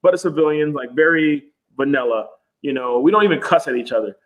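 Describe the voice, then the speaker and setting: A man in casual podcast chat, an animated storyteller who swears freely and acts out quotes in raised voices. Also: fairly high pitch, fairly quick, rough recording.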